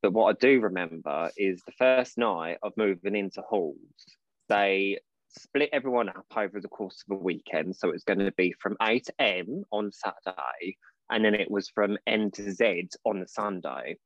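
A man's voice: low voice, normal speed, dry recording, muffled recording. Chatty man telling stories. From Portsmouth, England. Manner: chatty storyteller, calls his partner babe, acts out voices in quotes. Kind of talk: casual chat.

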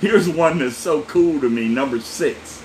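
A man preaching a sermon as a pastor, folksy and lively, talking straight to his listeners with laughs and asides. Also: on the high side, a little slow, slight background noise.

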